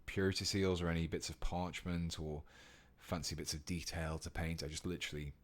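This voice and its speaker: A British man runs a laid-back painting tutorial on a live stream, his low-pitched voice brisk. While working, he chats easily with viewers and reads their comments out loud.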